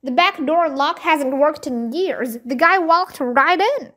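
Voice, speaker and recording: A woman's voice: high-pitched, slow pace, bright, forceful tone, full character voice. A woman reading aloud, giving a worried, subdued boy his lines in a voice close to her own. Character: boy Lucky, worried older brother.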